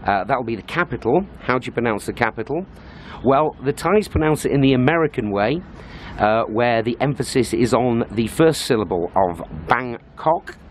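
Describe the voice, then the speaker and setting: A man's voice: medium pitch, expressive, normal speed, a little hiss or hum. Chatty British man vlogging. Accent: British English. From Britain. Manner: chatty, explanatory, with frequent "uh" fillers. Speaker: travel vlogger. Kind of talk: casual vlog talk to camera. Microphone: handheld compact camera.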